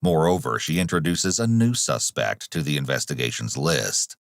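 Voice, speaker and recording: A man giving scripted, measured documentary narration about a criminal case. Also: rumbling low, sing-song, vocal fry, dry recording, studio quality. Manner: measured, analytical.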